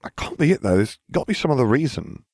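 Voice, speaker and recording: A man's voice: mid-range voice, sing-song, fast talker, a little mellow, no room sound, clean studio sound, voice pushed up. A man reading aloud and voicing a grumbling, suspicious teenage boy with a whiny edge. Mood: doubtful.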